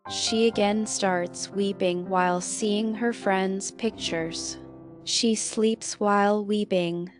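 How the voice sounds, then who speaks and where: A woman narrates a film recap in a scripted, measured delivery, taking her time over each line. Her pitch sits at an ordinary middle height. Soft music runs quietly underneath her voice. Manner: slow, measured reading of plot events and quotes.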